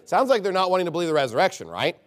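A man delivers a sermon in a relaxed, conversational way, stacking up rhetorical questions. His voice sits high for a man and swings widely in pitch as he preaches. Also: racing. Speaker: pastor.

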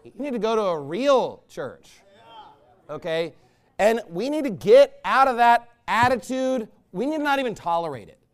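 A pastor preaching from the pulpit, a man with a high voice for a man and a smooth, resonant tone. He talks in a blunt, emphatic way that turns scornful. He breaks into loud bursts. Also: big pitch swings, normal speed. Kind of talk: sermon.

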